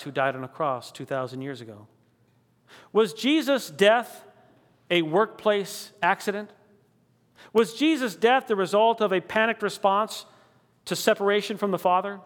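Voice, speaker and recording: A man preaching a sermon, asking rhetorical questions one after another and slowing down to stress key words. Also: high voice, a bit bright, long reverb tail. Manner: dramatic, rhetorical questions, slows for emphasis.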